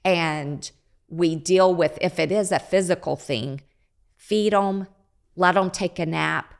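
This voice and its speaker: An older woman, a parenting expert and grandmother, giving calm, measured advice in a casual podcast chat. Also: lowish voice, vocal fry.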